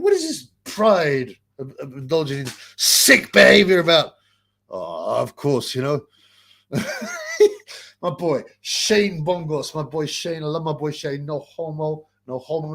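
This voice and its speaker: A man hosting a casual live boxing chat, rambling and crude, with many filler sounds. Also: on the high side. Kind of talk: casual post-fight live-stream chat.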